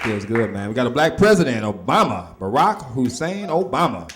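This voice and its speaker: A man's voice: medium pitch, sing-song, normal speed, over music. A middle-aged man doing a stand-up routine in a loose, conversational way, full of asides to the crowd. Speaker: stand-up comedian.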